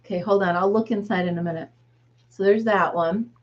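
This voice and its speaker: A woman's voice: medium pitch, fairly even intonation, a little fast, dull audio. Chatty grandmother hosting a live chat. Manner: chatty, rambling, laughs often. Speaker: livestream host. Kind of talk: casual live chat with viewers.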